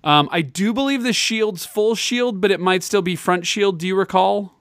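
A man co-hosting a casual podcast chat. He rambles and restarts, with a voice a little above the usual pitch for a man. The mic sound is close and dry, with no room echo. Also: moderate pace, a bit bright. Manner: rambling, with many fillers and restarts. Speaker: podcast co-host. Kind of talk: casual chat about retro games.

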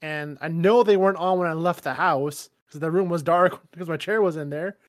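A man co-hosting a podcast in casual chat, excitable, swearing and laughing as he talks. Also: fairly high pitch, a little fast, no room sound, clean studio sound. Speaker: podcast co-host.

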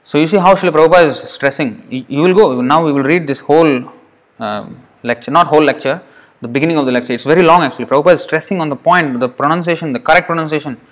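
A man's voice: fairly high pitch, fast talker. A man giving a devotional scripture class in an earnest way, often repeating words for emphasis. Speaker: lecturer.

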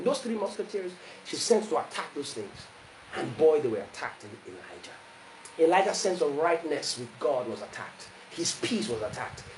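A male pastor preaching with a high, lively voice that swings wide in pitch. He acts out the characters of the story and builds to shouts. The sound is roomy with a faint hiss underneath. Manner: animated preaching, acting out Bible figures, rising to shouts. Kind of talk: sermon.

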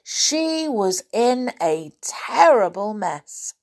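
A woman reads a children's story aloud, her voice rising and falling with lively expression. She takes her time, slow and deliberate, making every sentence vivid. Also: lowish voice. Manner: expressive, animated. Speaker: narrator.

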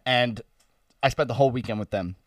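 A young man in his twenties riffs in casual podcast banter, animated and profane, jumping in with quick asides. He sits a bit back from the microphone in a dry, dead room, so his voice sounds slightly distant. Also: medium pitch, no echo. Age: 20s. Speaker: podcast co-host. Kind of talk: casual chat.

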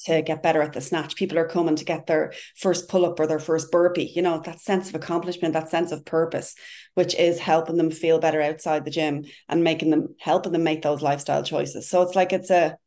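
A woman's voice: deep voice, little pitch movement, fairly quick, mellow. A woman talking as a guest in a casual podcast conversation, speaking passionately and eagerly in a rambling way about coaching.

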